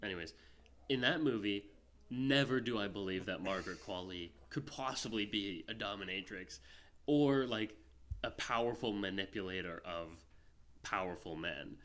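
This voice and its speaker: A man's voice: lowish voice, normal speed, a bit bright. A man co-hosting a film podcast in casual chat, rambling with lots of fillers and restarts. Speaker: podcast co-host.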